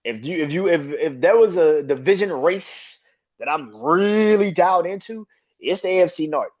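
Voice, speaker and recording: A man hosting a casual sports podcast, swearing freely and laughing between rapid opinions. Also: fairly high pitch. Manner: profane, animated, laughs often. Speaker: podcast host. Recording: dull lo-fi sound.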